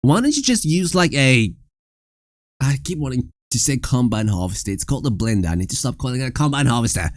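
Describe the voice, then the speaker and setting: A vtuber reacting to cooking clips in casual, rambling commentary with sudden bursts of yelling. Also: mid-range voice, sing-song, quick pace, no echo, studio quality.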